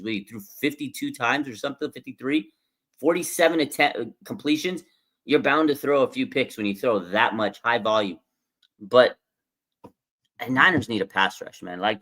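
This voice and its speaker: Male fan-stream host, casual and excitable, average pitch. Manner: excitable, rambling, fan reactions. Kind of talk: casual live-stream commentary. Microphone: streaming desk mic.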